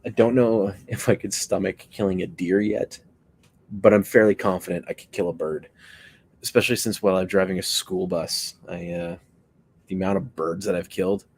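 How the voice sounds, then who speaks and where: A man with a low voice and a gravelly texture talks casually as he builds a puppet on a stream. He rambles and cracks jokes between answers to viewers. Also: poor audio. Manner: rambling, joking, answering chat. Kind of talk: casual chat while crafting.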